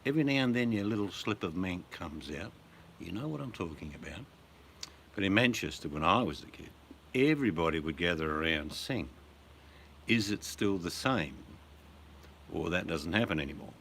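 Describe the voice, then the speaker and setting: A man's voice: deep voice, animated, normal speed, fairly bright tone, slight background noise. A man with an Australian accent hosting a livestream, chatting and joking with viewers. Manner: joking, chatty, breaks into song. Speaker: livestream host. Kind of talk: casual chat with viewers.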